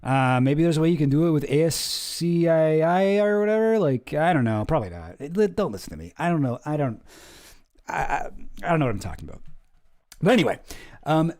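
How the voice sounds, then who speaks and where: A man's voice: fairly high pitch, a little mellow. A man giving casual, profane commentary, sarcastic and ranting, mocking official statements in a pompous read-aloud voice. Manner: sarcastic, ranting, swears a lot. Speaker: commentary streamer.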